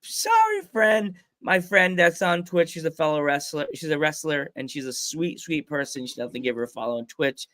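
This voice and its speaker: Jokey higher-voiced man in his forties. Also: fairly even intonation, fast talker, hardly any pauses, bright, forceful tone, no room sound, clean studio sound. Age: 40s. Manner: jokey, laughs often, does goofy voices in anecdotes. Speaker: podcast host. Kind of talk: casual podcast chat.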